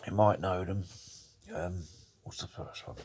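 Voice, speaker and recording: A man's voice: deep voice, fairly even intonation, measured pace, darkish tone, a little hiss or hum. A man casually telling jokes to a friend, rambling and swearing. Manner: rambling, laughs at his own jokes, swears. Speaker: joke teller.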